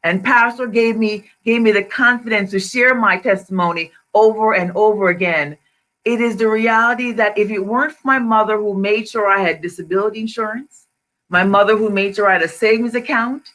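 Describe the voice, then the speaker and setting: A woman's voice: mid-range voice, fairly quick, a bit bright. A woman with a Jamaican accent speaks as a guest financial advisor on a video call. She gives a personal testimony in a medium voice and hammers her points home by repeating key phrases.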